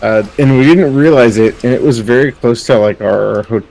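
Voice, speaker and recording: Gravelly rambling young man telling stories. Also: medium pitch, moderate pace, a little mellow, low-quality recording. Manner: rambling storyteller, laughs often, many fillers. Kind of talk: casual chat on a livestream.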